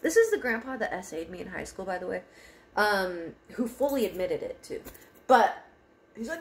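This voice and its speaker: A woman's voice: mid-range voice, big pitch swings, moderate pace. A young woman telling a personal story in a casual car vlog, candid, laughing often and swearing freely. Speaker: vlogger. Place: parked car.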